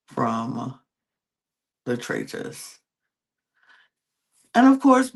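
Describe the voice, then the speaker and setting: Gravelly man recapping a reality show. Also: mid-range voice. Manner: retells scenes by acting out contestants' quoted reactions. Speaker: podcast host.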